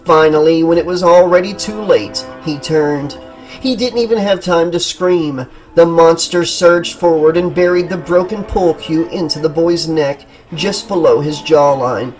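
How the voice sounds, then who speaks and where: A man narrating a horror audiobook in a steady, dramatic storytelling manner. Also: a little high, a little slow, faint music behind, rough recording. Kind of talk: scripted narration.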